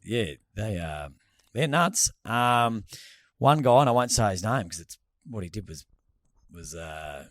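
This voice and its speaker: A man's voice: on the low side, big pitch swings, a little slow, no echo, studio quality. A man with an Australian accent co-hosting a podcast, telling crude, laughing stories in casual banter. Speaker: podcast co-host.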